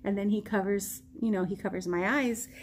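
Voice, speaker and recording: A woman from Texas telling a story in a slow, rambling way, with many pauses and ums. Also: mid-range voice, fairly even intonation, slight background noise. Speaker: vlogger. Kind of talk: casual story time.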